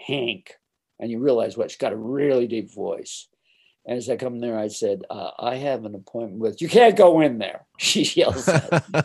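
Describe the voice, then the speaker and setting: A man's voice: mid-range voice, darkish tone, husky. An older man telling a story from his career in a casual interview, acting out the voices of the people in it and laughing often.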